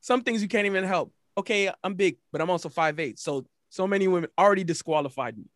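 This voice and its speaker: A man's voice: high-pitched, fast, a bit bright, dry recording, studio quality. A man co-hosting a podcast, making emphatic points in casual chat and often repeating himself.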